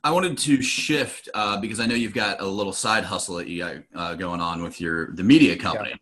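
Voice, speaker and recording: A man co-hosting a podcast interview, asking measured, careful questions. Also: low voice, crowd noise. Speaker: co-host.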